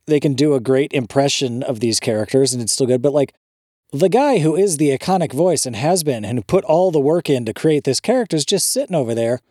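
A man's voice: medium pitch, expressive, brisk, mellow, husky, dry recording, clean studio sound. Ranting man on a casual podcast. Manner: ranting, incredulous, swears freely. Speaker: podcast co-host. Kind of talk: casual chat.

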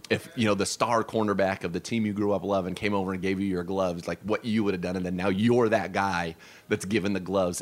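Deep-voiced enthusiastic radio host man. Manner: enthusiastic, long wordy questions. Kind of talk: sports radio interview.

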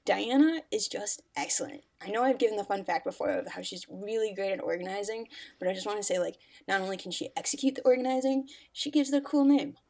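A woman's voice: mid-range voice, fast talker, creaky, few pauses, darkish tone. A woman co-hosting a podcast in casual chat, speaking earnestly and full of compliments. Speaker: podcast co-host.

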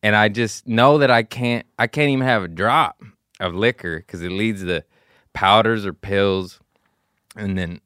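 A low-pitched man on a podcast, talking casually about his past and now and then jumping into shrill, loud impressions of the people in his stories. His voice sits close and dry on the mic, with no room sound. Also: a little slow, clean tone, no room sound. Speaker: podcast host. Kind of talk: casual storytelling chat.

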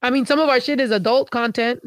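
A young woman hosts a casual livestream, reading comments aloud in a blunt, teasing way and swearing freely. Her voice sits a bit high. The sound is dry and close. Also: steady tone, fast talker, dry recording. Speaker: livestream host reading chat.

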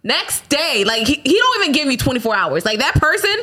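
A woman's voice: high voice, a little fast. A young woman co-hosting a casual podcast, talking animatedly, laughing and acting out what people say. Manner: animated, laughing, acts out voices. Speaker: podcast co-host. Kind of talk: casual chat.

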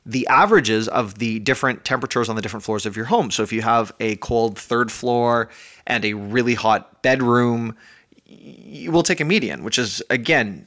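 A man hosting his own podcast from home, talking in a chatty, energetic, self-mocking way while a little out of breath. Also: fairly low pitch. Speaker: podcast host. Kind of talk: casual podcast monologue.

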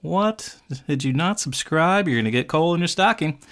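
A man's voice: on the high side, animated, normal speed, a bit bright. Jokey male podcast host. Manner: jokey, teasing. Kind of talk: casual podcast chat.

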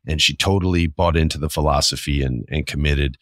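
A man with a very low, deep voice tells a story from his past in a loose, candid podcast manner, swearing freely. The sound is dry and close. He livens up sharply when he quotes people. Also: fairly quick, no echo. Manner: candid, profane, animated when quoting. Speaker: podcast host. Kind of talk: casual storytelling.

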